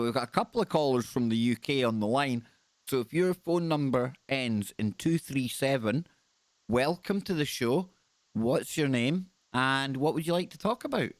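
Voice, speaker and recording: A chatty man hosting a live call-in radio show, talking with upbeat energy and repeating his words as he urges listeners to phone in. His voice has a mid-range pitch and sits close and dry, with no room sound around it. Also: no room sound.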